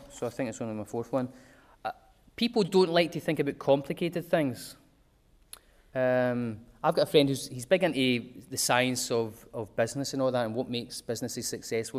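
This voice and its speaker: A man's voice: medium pitch, a little mellow. A man giving an informal talk to a small group, chatty and digressive, with homely examples.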